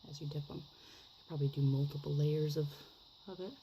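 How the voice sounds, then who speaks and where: A woman's voice: low-pitched, fairly even intonation, fairly quick, dark tone, a little hiss or hum, low-quality recording. A woman casually demonstrating a craft project, chatty and rambling, gushing over the results and sometimes dropping into a whisper. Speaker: craft vlogger.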